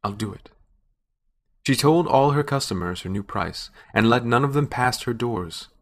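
A man narrating a fantasy story in a measured, wry storytelling manner. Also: medium pitch, lively intonation. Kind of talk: scripted narration.

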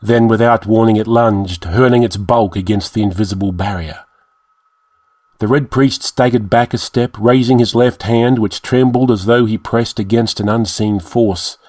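A man reads a dark fantasy story in a measured, dramatic storytelling voice. His voice sits on the lower side. The recording is close and dry, with no room around it. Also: steady tone, no room sound. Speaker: narrator. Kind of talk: audiobook narration.

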